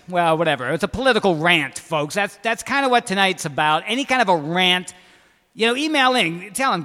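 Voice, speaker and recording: A man's voice: high voice, pushed and bright, big-room sound. A man hosting a radio music show, talking loosely and rambling with hip slang. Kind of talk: casual radio banter.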